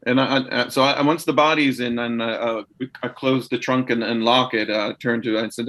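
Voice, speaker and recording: A man narrating his own character in a tabletop game, halting and stammering through his lines. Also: mid-range voice, fairly even intonation, a bit bright. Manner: halting, stammering, many restarts.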